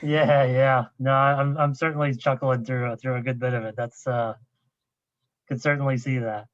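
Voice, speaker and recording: A man's voice: mid-range voice, flat delivery, no echo. Hesitant man moderating over dull call audio. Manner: hesitant, halting, many fillers. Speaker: seminar moderator. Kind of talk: moderating questions. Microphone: video call.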